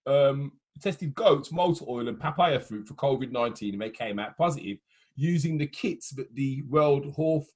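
A man, co-hosting a podcast in relaxed, rambling chat with many fillers. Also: medium pitch, moderate pace. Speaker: podcast co-host. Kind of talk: casual chat.

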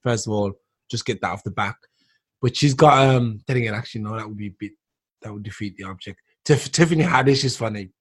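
A man's voice: lowish voice, quick pace, slightly rough. Rambling man hosting. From England. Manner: rambling, says man a lot. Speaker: podcast host. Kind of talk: casual chat.

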